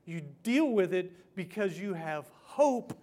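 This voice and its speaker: A middle-aged pastor preaches a sermon in a high voice at a slow pace. He's animated and pokes fun at himself, shifting between hushed, earnest passages and loud, playful ones.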